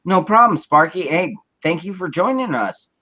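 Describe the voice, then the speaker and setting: A man's voice: high-pitched, animated, moderate pace, bright, forceful tone, no echo. A man hosting a casual podcast chat, speaking earnestly and emphatically, often repeating words. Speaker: host. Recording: dull lo-fi audio.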